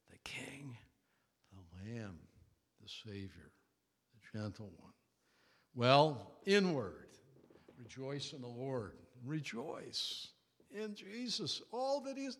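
Lively-voiced man preaching in a reverberant hall. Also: on the high side. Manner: animated, repeats key words for emphasis, chuckles often. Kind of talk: sermon. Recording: long reverb of a large hall.

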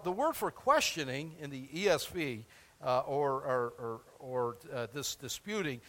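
Older male pastor, folksy emphatic sermon, lively pitch, hall echo. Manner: folksy and emphatic, with asides and chuckles.

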